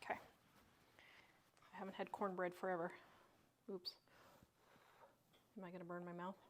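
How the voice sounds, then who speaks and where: A woman's voice: lowish voice, completely flat delivery, normal speed, a little hiss or hum. A middle-aged woman hosting a casual home cooking demonstration, chatty and homey, gushing over the food in her kitchen. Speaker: cooking show host.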